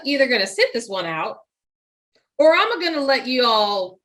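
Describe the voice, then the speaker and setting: A woman co-hosting a casual movie talk show, animated and acting out quoted lines as she retells scenes. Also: high voice, moderate pace. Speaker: podcast co-host.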